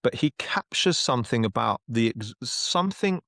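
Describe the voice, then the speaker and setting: A man's voice: mid-range voice, animated, moderate pace, pushed and bright, no room sound, clean studio sound. Rambling male podcast host. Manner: rambling, many restarts and asides. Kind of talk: casual discussion.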